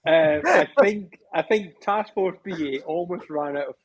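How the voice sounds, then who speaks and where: Rambling man, husky voice. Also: high-pitched, a little slow, dull audio. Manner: rambling, repeats words when starting sentences. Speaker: event organizer on a podcast. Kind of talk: casual chat.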